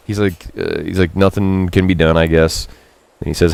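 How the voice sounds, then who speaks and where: Guy streaming a game, fairly low voice, dry close sound, reads lines in high voices then mumbles asides. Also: flat delivery, normal speed, vocal fry, a little mellow, smooth, no echo. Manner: reads Japanese lines then translates them loosely; pitches up to quote characters, drops low for asides. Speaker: streamer translating a Japanese game. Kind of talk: casual live-stream commentary.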